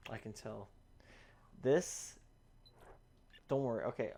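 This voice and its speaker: A young man chatting casually while streaming a speedrun, excitable and swearing, breaking into laughter. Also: medium pitch, normal speed. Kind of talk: casual live-stream chat while gaming.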